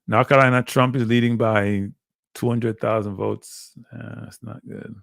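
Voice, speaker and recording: A man's voice: on the low side, normal speed, gravelly, no echo, studio quality. A man hosting a casual live stream, talking animatedly and repeating himself as he calls out to his viewers. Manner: animated, repetitive, addresses viewers as "people". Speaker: livestream host.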